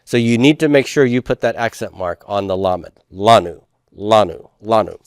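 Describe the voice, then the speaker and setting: A man's voice: mid-range voice, lively intonation, brisk, darkish tone, smooth, dry recording, studio quality. A male teacher, giving a patient classroom lecture and leading his students through call-and-response drills.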